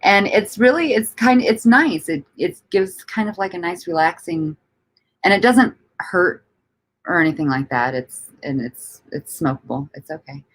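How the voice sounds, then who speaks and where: Low-voiced rambling woman host, lively pitch. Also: moderate pace. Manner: rambling, laughs often, swears casually. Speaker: livestream host. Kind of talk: casual livestream chat reading comments.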